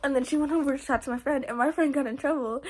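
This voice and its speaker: A woman's voice: sits high, very fast, darkish tone. A teenage girl telling a rambling, giggly story to her viewers, full of fillers and restarts. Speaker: vlogger. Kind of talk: casual storytelling to camera.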